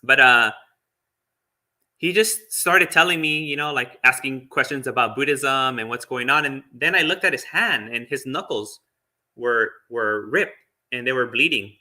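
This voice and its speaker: Bright-voiced man, a monk telling a story. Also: mid-range voice, unhurried. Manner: chatty, full of fillers and little laughs. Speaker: Buddhist monk. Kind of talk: casual storytelling talk.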